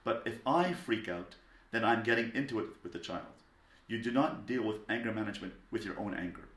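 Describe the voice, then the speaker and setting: A low-pitched man teaches parents in a calm, measured lecture, leaning on key words. His voice rings in a noticeably echoey room. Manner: calm and deliberate, stressing single words.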